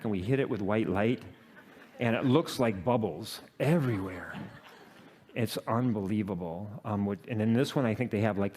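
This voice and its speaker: Before an audience, a man stumbles through a personal anecdote about his job, peppering it with fillers and laughing at himself. He has a mid-range voice with a somewhat dark tone.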